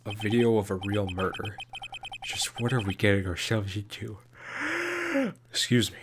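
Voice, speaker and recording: A man voicing a timid, muddled older male judge who speaks softly and hesitantly. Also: on the low side, steady tone, normal speed, very noisy, pitched below the performer's own voice, lightly acted. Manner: soft, hesitant, trailing off. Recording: game music playing behind.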